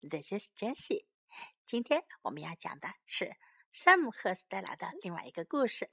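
A woman hosting a children's English program, reading a bilingual bedtime story in a gentle, soft way. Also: on the high side, big pitch swings, normal speed, creaky, no room sound, studio quality.

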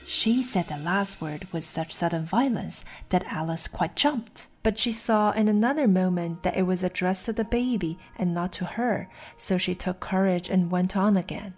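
A woman narrating a classic children's story with a lively, expressive reading. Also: fairly low pitch, normal speed, hardly any pauses. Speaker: reader of English literature. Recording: soft background music.

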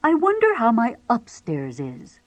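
A woman's voice: a little high, huge pitch swings, measured pace, no echo, voice pushed up, heavily acted. Woman doing an earnest little storybook owl. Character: gentle, earnest, simple-minded little male owl. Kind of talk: children's storybook reading. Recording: violin music playing underneath.

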